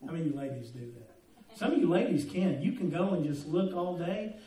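Older male pastor, mellow voice, folksy then earnest, picked up from across a roomy sanctuary. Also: a little high, expressive, fairly quick. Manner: folksy, joking storyteller turning earnest. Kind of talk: sermon. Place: church sanctuary. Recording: roomy echo, mic at a distance.

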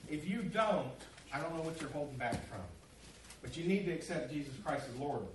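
A man's voice: fairly high pitch, expressive, brisk, noisy background. A middle-aged man, a pastor preaching a sermon and telling stories in a folksy, rambling way with many fillers. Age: middle-aged or older. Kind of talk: sermon with storytelling. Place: church sanctuary. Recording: echoey room, from a distance.

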